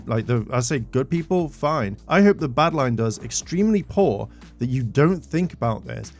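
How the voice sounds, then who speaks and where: A commentary YouTuber rants to his channel's viewers, exasperated and indignant, and swears when he gets worked up. His voice is mid-range and a little mellow.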